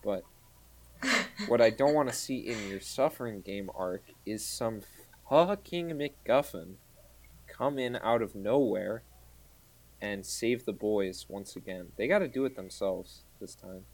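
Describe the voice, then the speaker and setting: A podcast co-host chatting casually, animated and joking with playful mock outrage. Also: medium pitch, unhurried, slight background noise. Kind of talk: casual fan podcast chat.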